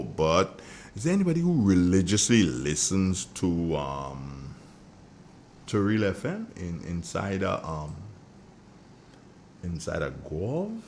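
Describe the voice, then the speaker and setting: A middle-aged man with a Grenadian accent hosting a morning radio show, chatty and joking as he sends shout-outs to listeners. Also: low voice, slight background noise. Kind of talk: casual morning radio chat.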